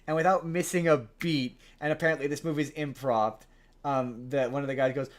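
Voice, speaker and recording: A man hosting a podcast, casually retelling a film plot in a rambling, animated way. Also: mid-range voice, moderate pace. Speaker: podcast host. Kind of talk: casual chat.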